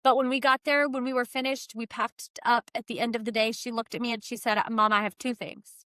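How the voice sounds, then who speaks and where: A podcast guest in her thirties, talking about her children's ventures. She tells stories with animation, acting out the quotes, in a bright, forceful voice that sits a little high. The recording is dry and close. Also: fairly even intonation, fairly quick, no room sound. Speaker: guest, founder of a kids' business program. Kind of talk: podcast conversation.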